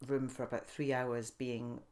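A woman's voice: extremely low pitch, a little slow. A middle-aged woman telling stories in a casual interview, laughing often and acting out the voices of people she quotes. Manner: lively storyteller who laughs often and acts out quoted speech. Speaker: guest.

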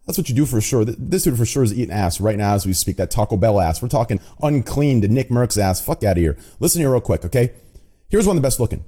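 A man's voice: mid-range voice, expressive, fast, mellow, husky. A young man streamer rambling and swearing in a casual group call, repeating himself to make a point.

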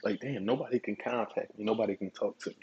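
A man hosting his own podcast, telling stories in a relaxed, profane way and chuckling often. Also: lowish voice, fast, husky, lo-fi sound. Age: adult. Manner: laid-back, profane storytelling with chuckles. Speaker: podcast host. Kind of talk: casual solo podcast monologue.

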